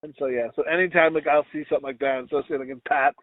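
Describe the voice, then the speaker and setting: A man's voice: fairly even intonation, very fast, dry recording. A man co-hosting a podcast, telling rambling, crude, self-mocking stories and acting out what people said. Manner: acts out quoted voices in high pitch. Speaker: podcast co-host. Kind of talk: casual storytelling chat. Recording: dry, phone-like lo-fi audio.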